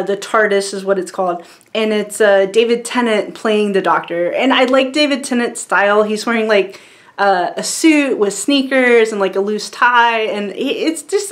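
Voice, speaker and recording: A young woman vlogger chatting casually to camera, rambling with lots of fillers and frequent giggles. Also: medium pitch.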